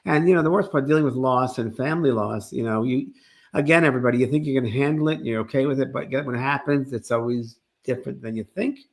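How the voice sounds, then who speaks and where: Earnest rambling man, medium-pitched. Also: fast. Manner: earnest, rambling with many restarts. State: sick. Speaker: co-host, medium. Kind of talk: casual spiritual talk show chat.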